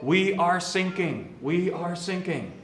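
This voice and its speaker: A desperate sailor crying out that his ship is going down, a priest putting on a high, drawn-out, pleading voice. He stretches every word as if shouting over a crackling radio. It echoes in a big roomy church with a faint hiss behind it. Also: expressive. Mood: panicked. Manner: slow, high, pleading distress call. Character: panicked male sailor on a sinking ship, calling for help.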